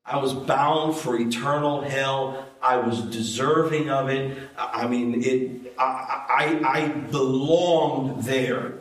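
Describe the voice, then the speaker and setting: A man preaching a conversational sermon as a pastor, building up loud and high when he stresses a point. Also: fairly even intonation, slow. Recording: echoey hall, from far off.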